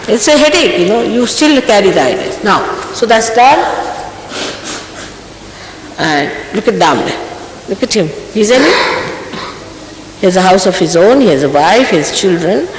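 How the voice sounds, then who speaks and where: A woman's voice: lowish voice, lively intonation, normal speed, a little hiss or hum. An older woman, a spiritual teacher, giving an emphatic, scolding talk to her followers, full of rhetorical questions. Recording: echoey hall, archival recording.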